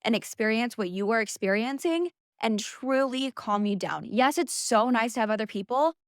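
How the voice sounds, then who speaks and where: A woman's voice: fairly high pitch, expressive, moderate pace, smooth, no echo, clean studio sound. A young woman vlogging, giving blunt, emphatic motivational talk and swearing freely. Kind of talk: casual motivational talk to camera.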